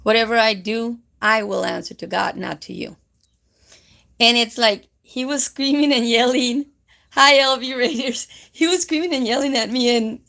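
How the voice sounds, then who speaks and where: A woman's voice: a little high, vocal fry, fairly bright tone. A woman, chatting casually on a live stream in a rambling way full of fillers and with Spanish phrases mixed in. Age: 50s. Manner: mixes Spanish phrases into English.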